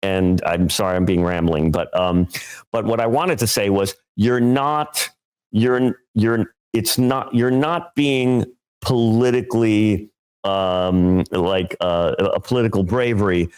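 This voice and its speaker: A man co-hosting a comedy podcast, talking in a rambling, animated way and laughing often. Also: lowish voice, takes it slowly, clear, resonant tone. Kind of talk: casual comedy podcast chat.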